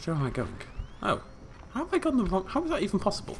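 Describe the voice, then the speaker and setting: A man's voice: high voice, wildly swooping pitch, fast, creaky, slight background noise. A man giving playful, jokey gameplay commentary as a let's play host, humming tunes and making silly sound effects.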